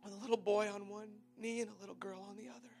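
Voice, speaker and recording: Tender, gravelly-voiced pastor over soft music. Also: male voice, sits high, level tone, fast talker. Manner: tender, pleading, often drops soft and quiet. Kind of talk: sermon.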